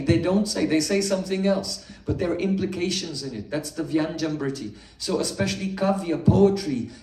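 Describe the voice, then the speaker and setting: Man, spiritual teacher, patient explanations, gentle humor, reverberant room. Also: fairly high pitch. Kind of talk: morning scripture class. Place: indoor hall with a live audience. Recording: echoey room, distant mic.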